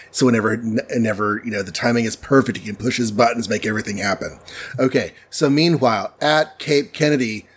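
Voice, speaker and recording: A man casually recapping a comic book story on a podcast, playfully acting out the characters' lines. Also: medium pitch. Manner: playful, acts out characters in quick voices.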